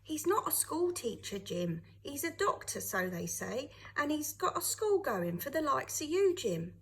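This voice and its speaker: Lady reading as a wheezy chatty girl, lively sing-song voice, kind. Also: sits high, a little slow, slight background noise, heavily acted. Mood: eager. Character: breathless kindly working girl.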